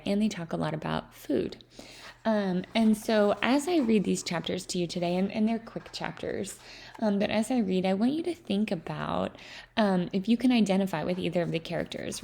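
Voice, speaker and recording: A woman teacher reading a children's book aloud to her students, explaining gently and pausing with fillers. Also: on the low side, gravelly.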